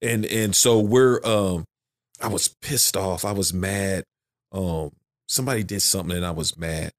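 A man's voice: sits low, measured pace. A man who is a father of three, talking frankly and emphatically in a casual podcast conversation, repeating his phrases as he goes.

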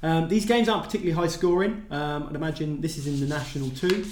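A man's voice: a little high, fast, noisy background. A man co-hosting a casual sports chat, reading out results with a self-deprecating, chatty manner. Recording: echoey room.

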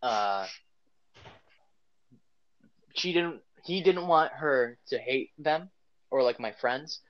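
A man's voice: medium pitch, lively intonation, slow pace, fairly bright tone, no room sound. A young man co-hosting a podcast, telling a personal story in a rambling way, full of "like" and restarts. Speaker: podcast co-host. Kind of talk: casual storytelling. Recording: dull lo-fi podcast audio.

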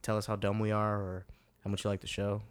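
A young man co-hosting a casual podcast, an animated storyteller who swears and laughs a lot. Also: lowish voice, fast, clear, resonant tone. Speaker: podcast co-host. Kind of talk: casual chat.

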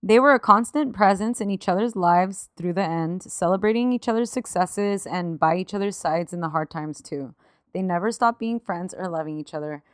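A woman's voice: on the low side, normal speed, no room sound, studio quality. A woman co-hosting a podcast, telling a story from notes in casual chat, laughing and swearing freely. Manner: emotional, swears freely, laughs through tears. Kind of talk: casual chat, partly read narration.

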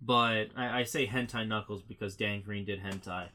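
A man's voice: on the low side, fairly even intonation, normal speed, pushed and bright. A young man co-hosting a podcast, chatting casually and opinionated, swearing freely. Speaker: podcast co-host. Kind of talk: casual chat.

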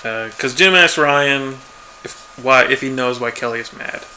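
A man's voice: mid-range voice, a little slow, pushed and bright, a little hiss or hum. A man chatting casually as a podcast co-host, laid-back and chuckling, acting out quoted lines. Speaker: podcast co-host recapping a TV episode. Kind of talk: casual chat.

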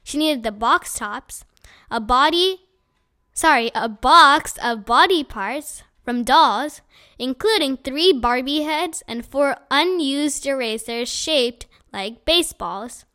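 A woman with a high, bright voice reads a children's chapter book aloud. Her telling is lively and expressive, shaping each sentence for young listeners. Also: takes it slowly. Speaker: audiobook reader.

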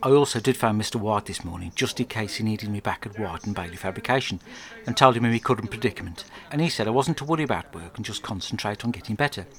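A man telling a crude, rambling story in a deadpan comic video diary, speaking alone into a close mic at home. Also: lowish voice, quick pace. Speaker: comic monologue narrator.

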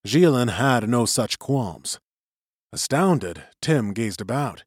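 A male narrator reading a novel with a lively, rising and falling delivery. His voice is mid-pitched and recorded dry, close to the mic. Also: slow pace, husky, no echo. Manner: expressive storytelling. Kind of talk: audiobook narration.

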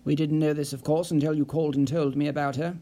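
A man's voice: fairly high pitch, level tone, quick pace, mellow, close to an everyday voice. A man voicing a stern, commanding investigator. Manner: clipped, cold and authoritative. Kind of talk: audiobook character voice.

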